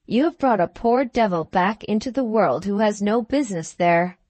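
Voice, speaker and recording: A woman's voice: mid-range voice, normal speed, a little mellow, dry recording, close to an everyday voice. A woman voicing a strange, bitter young male medical student in an audiobook, with a harsh, sarcastic, mocking way of talking. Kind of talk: audiobook character reading.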